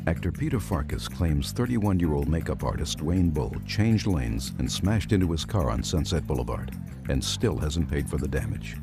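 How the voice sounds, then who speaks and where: A male announcer reads scripted voice-over with an extremely deep voice. His pitch moves widely as he builds up the case. A loud music bed runs under him. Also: very animated, normal speed. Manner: resonant announcer delivery. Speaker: show announcer.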